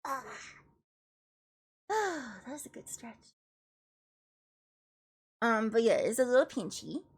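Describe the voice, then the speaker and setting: Young female streamer, self-mocking, high lively voice, casual warm-up chat. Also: measured pace, husky, faint music behind. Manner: joking, self-deprecating, chatty. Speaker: streamer and classical vocalist. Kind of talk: casual livestream chat with vocal warm-ups.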